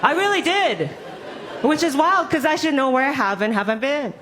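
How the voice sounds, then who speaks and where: A young woman doing live stand-up comedy, animated and self-mocking, acting out the people she talks about. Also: high-pitched, normal speed. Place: comedy club stage. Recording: live club, loud crowd laughter and noise. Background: loud audience laughter.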